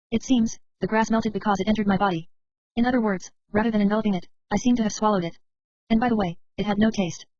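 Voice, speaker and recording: Brisk woman reading a novel aloud. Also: medium pitch, a little mellow, no echo. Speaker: audiobook reader. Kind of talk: first-person novel narration. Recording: dry, slightly muffled recording.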